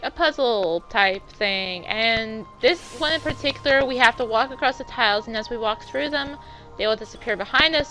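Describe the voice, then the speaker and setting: A woman's voice: a little high, pushed and bright. A young woman giving casual, chatty let's-play commentary, self-deprecating and full of exclamations. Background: game music.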